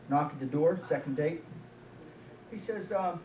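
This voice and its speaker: Man telling stand-up jokes, folksy, slightly high voice, far off, roomy, dull lo-fi tape. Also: moderate pace, background noise. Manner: joke-telling, folksy, lots of "uh" and "he says". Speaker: stand-up comic. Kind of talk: stand-up comedy set. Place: small club, live audience. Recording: echoey lo-fi club tape from afar.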